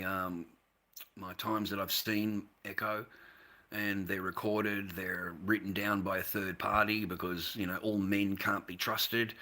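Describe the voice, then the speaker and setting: An Australian man with a very bright, sharp-edged voice, streaming live to his viewers. He rambles and swears constantly, one moment ranting at full tilt and the next trailing off low and weary. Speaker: livestream host. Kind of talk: casual livestream talk to viewers.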